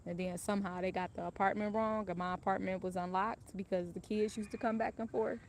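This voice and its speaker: A woman's voice: medium pitch, steady tone, brisk, a little hiss or hum. A woman casually telling a personal story in a candid, profane, rambling way.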